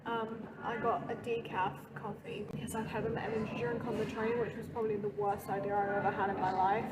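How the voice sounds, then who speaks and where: A young woman vlogs her trip on her phone, talking casually, giggling and poking fun at herself. Her medium-pitched voice is flat and a little fast, with few pauses. She films on a train, on busy streets and in a hotel room, with noisy street and train sounds behind her.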